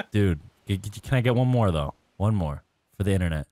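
A man's voice: sits low, lively intonation, normal speed, mellow, no echo. A man chatting and teasing friends during an online game, laughing often. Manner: giggly, teasing. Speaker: gaming YouTuber. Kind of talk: casual gameplay banter.

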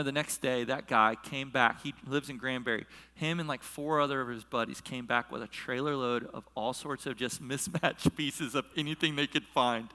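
A man's voice: medium pitch, bright, forceful tone. A middle-aged male pastor telling a personal story in a casual, emotional sermon, at times choking up. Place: church hall with a live audience. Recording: long hall reverb.

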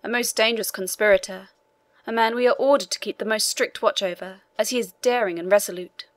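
A man's voice: high-pitched, steady tone, brisk, a bit bright, dry recording. A woman reading the part of an obliging man, a prison governor, who explains matters deferentially, in an audiobook. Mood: explaining.

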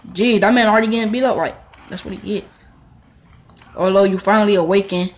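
A young man giving casual gameplay commentary, excitable and talking back to the characters on screen. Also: high voice, brisk. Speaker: gaming channel host.

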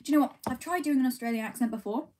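Young woman, casual livestream chat, rambling, giggly, mellow, slightly high voice. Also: rapid-fire. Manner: rambling, giggly, self-deprecating. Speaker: streamer.

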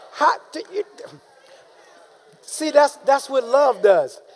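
A man preaching a sermon, calling out to the congregation and rising into shouted emphasis. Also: very high-pitched, very animated, takes it slowly, pauses often, a faint crowd. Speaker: pastor.

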